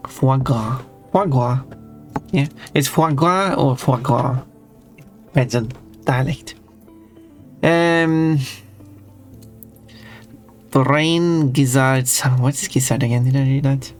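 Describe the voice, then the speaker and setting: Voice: mid-range voice, takes it slowly, long pauses, soft background music. A streamer chatting casually while drawing, rambling, breaking off mid-thought and humming along playfully. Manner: rambling and self-interrupting; playful, hums to themself.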